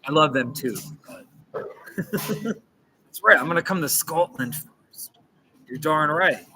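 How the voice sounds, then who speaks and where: Bright-voiced, slow-talking man. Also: on the high side, lively intonation, a little hiss or hum, low-quality recording. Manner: playful, chatty, breaks into chuckles, repeats phrases. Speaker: livestream host. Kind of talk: casual livestream chat reading viewer comments. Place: corner of a coffee shop.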